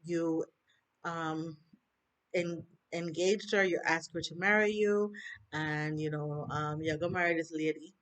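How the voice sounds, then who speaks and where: A woman's voice: deep voice, fairly even intonation, measured pace, fairly bright tone. A woman with a Jamaican accent reviews a TV episode in a casual chat, talking animatedly with swooping emphasis and lots of rhetorical questions, recorded on a handheld phone. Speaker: TV review vlogger.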